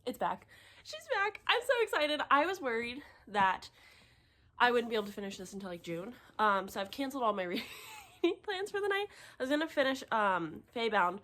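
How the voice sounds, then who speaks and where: A young woman with a slightly high voice talks casually to the camera, gushing and excitable. She laughs often and sounds tearful after a good cry. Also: brisk. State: tearful, having just cried. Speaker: book vlogger. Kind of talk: casual reading vlog chat.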